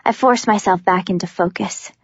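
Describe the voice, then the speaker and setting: A woman's voice: medium pitch, normal speed, husky, no echo. A woman narrating a first-person audiobook with an urgent, breathless telling. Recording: slightly dull, dry recording.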